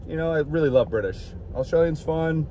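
A man's voice: fairly high pitch, brisk, mellow, a little hiss or hum. A man vlogging in a rambling, jokey way, outdoors by a street. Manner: rambling, jokey, puts on silly voices. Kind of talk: rambling casual vlog.

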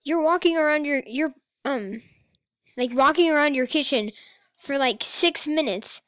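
A woman's voice: high voice, measured pace, no echo, clean studio sound. A woman doing a teasing, sarcastic reaction commentary on a video as a YouTuber, often laughing.

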